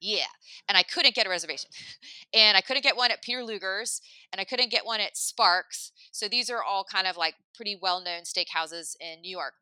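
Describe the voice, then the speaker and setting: Chatty woman in her thirties, crisp voice, dry booth sound, podcast storyteller. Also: medium pitch, moderate pace, no echo. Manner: chatty, lots of "like", animated asides. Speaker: podcast host telling a story. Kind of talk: casual storytelling chat.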